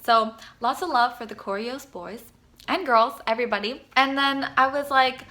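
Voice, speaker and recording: A young woman vlogging to camera, gushing and rambling as she tells a story, full of "like" and fan excitement. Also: sits high, normal speed.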